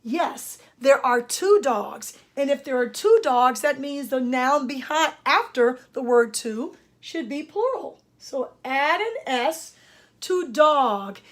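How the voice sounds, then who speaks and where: Older female speech therapist, high voice, emphatic teacherly delivery. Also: expressive, slow pace, fairly bright tone. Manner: emphatic, teacherly, addresses parents and students directly. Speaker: speech-language pathologist. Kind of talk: instructional lesson talk.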